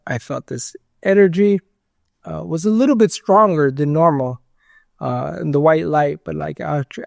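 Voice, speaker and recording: A man's voice: fairly high pitch, vocal fry, darkish tone, dry recording, clean studio sound. A man being interviewed, telling a story casually in a rambling way, with lots of fillers and acted-out quotes. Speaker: interview guest.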